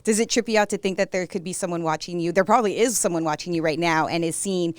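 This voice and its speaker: A woman's voice: fairly low pitch, fast, no room sound. A woman hosting a radio interview in a studio, bubbly and affirming, asking curious questions. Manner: bubbly, many affirming fillers. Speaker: radio show host. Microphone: studio mic.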